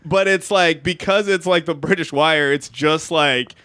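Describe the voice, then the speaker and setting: A man's voice: fairly high pitch, a little slow, sharp tone, clean tone, no echo. A man chatting casually on a comedy podcast. He rambles and fills his talk with "like". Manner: rambling, heavy use of "like". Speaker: podcast co-host.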